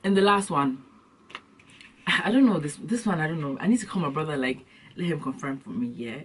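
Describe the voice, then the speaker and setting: A young adult woman vlogging, telling comic stories in an animated, slangy way and acting out scenes. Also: low-pitched, fairly quick, slight background noise. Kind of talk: comic storytelling vlog. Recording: distant from the mic.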